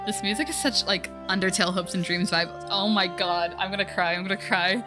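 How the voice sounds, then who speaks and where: Excitable swearing woman streamer. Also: medium pitch, fairly quick, hardly any pauses. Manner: excitable, swearing, emotional reactions. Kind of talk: casual livestream game commentary. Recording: game music playing loudly behind. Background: game music.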